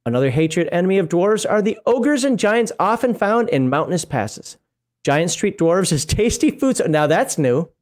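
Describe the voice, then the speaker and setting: A man's voice: high voice, very animated, normal speed, a little mellow. A man co-hosting a casual talk show, reading lore aloud and rambling into asides with frequent laughs. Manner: rambling, stops to laugh and comment. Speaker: podcast co-host reading game lore.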